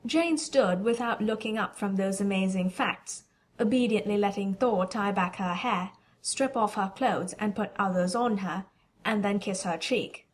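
Woman, audiobook reader, fan fiction, steady storytelling, mid-range voice. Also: mid-range voice, moderate pace.

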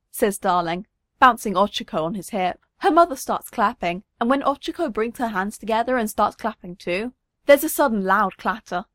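Expressive woman reading a story. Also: fairly high pitch, no room sound, clean studio sound. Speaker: narrator.

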